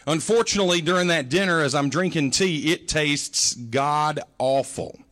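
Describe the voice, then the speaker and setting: Middle-aged male pastor, high-pitched, folksy storyteller with a joking delivery. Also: moderate pace, fairly bright tone. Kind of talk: sermon.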